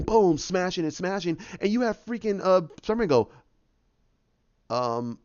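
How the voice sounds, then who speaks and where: A man hosting a casual solo podcast, talking excitedly and rambling, acting out scenes with quick voices and sound effects. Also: sits high, muffled recording. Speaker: podcast host.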